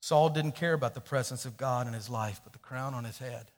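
A man preaching a sermon, telling a story and swinging from hushed, low passages to loud, emphatic questions. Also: a little fast. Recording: long hall reverb.

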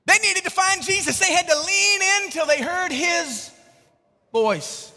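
Animated male preacher in a reverberant hall. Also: very high-pitched, unhurried, gravelly. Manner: animated storytelling, acting out characters. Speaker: pastor. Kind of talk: sermon.

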